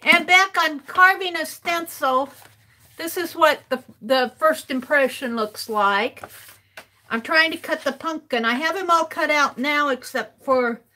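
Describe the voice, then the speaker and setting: A woman's voice: high-pitched, a little slow, bright, forceful tone. A woman chatting casually with viewers on a live art stream while she cuts a stencil, greeting people by name and sounding out words playfully.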